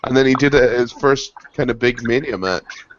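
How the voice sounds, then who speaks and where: A man co-hosting a casual wrestling chat, joking and quick to tease. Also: mid-range voice, slight background noise. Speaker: podcast co-host. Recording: dry, dull lo-fi audio.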